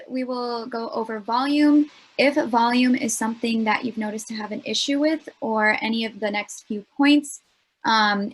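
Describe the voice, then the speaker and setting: A young woman leads a speech workshop with an earnest, explanatory delivery. She fills her pauses with ums, and her voice sits a bit higher than most. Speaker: student workshop presenter.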